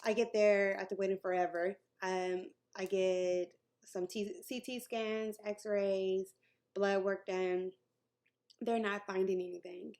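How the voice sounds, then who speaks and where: A woman's voice: medium pitch, steady tone, takes it slowly, a little mellow. A young woman tells a personal story to her camera in a loose, chatty way. She laughs often and slips into the voices of the people in her story. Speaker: vlogger telling her story. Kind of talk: casual storytime vlog.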